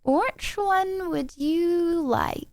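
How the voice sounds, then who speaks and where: Woman streamer, young, high voice, giggly rambling chat, close dry mic. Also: extremely slow, darkish tone, no room sound. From England. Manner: giggly, rambling, self-deprecating. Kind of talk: casual chat to a live stream audience.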